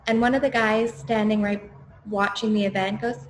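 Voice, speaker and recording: A woman on a panel telling a personal story, animated in her delivery. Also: mid-range voice, normal speed. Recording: echoey room with faint noise.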